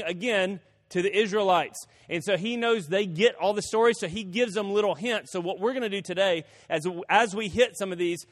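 A male pastor preaching a sermon, telling stories with quick folksy asides. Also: sits high. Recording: long reverb of a hall.

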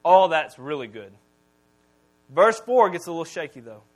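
A man in his thirties, a pastor preaching a sermon in a conversational, storytelling way, swinging between loud and soft. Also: fairly high pitch, sing-song, normal speed.

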